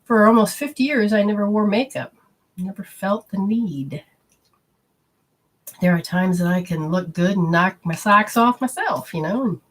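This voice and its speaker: A woman's voice: mid-range voice, animated, unhurried. A middle-aged woman hosting a spiritual talk show, speaking in a chatty, rambling way and acting out quoted voices. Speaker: spiritual radio host. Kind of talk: casual spoken talk.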